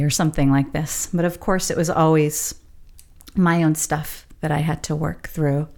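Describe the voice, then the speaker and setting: A woman's voice: sits low, fairly even intonation, normal speed, darkish tone. A middle-aged woman telling a personal story in a casual, rambling, reflective way, laughing now and then. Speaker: storyteller sharing her spiritual journey.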